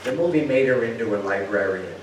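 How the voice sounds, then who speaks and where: A man's voice: medium pitch, a little fast, background noise. Older man telling stories in an echoing hall. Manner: lively storyteller who acts out quotes and asks the audience questions. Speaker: speaker giving a talk. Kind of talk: storytelling lecture. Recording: roomy hall sound from far off.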